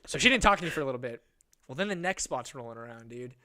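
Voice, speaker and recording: A man's voice: mid-range voice, expressive, quick pace, sharp tone. A young man hosting a podcast, telling a rambling story in casual chat, swearing and laughing often. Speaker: podcast host.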